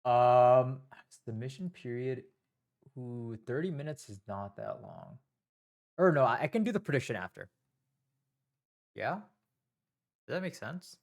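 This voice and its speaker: A man's voice: medium pitch, very animated, a little slow, gravelly, long pauses, darkish tone. Nervous rambling young man streaming. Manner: nervous, rambling, self-mocking. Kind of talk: casual live-stream talk.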